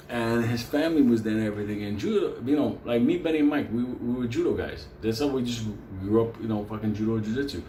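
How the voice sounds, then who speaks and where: A middle-aged man with a warm, medium-pitched voice talks quickly with few pauses, telling a crude, rambling story while swearing constantly and often laughing. Roomy echo and a faint hum color the recording.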